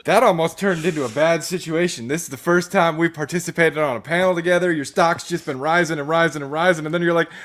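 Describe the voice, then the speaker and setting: A man chatting on a comedy panel, quick with teasing jokes. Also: a little high, fairly bright tone. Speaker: panel guest. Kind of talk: casual comedic panel chat.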